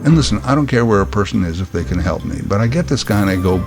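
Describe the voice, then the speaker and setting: A man, hosting a podcast and delivering a wry, deadpan comic monologue. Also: lowish voice, quick pace, over music. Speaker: podcast host. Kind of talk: comedic storytelling monologue.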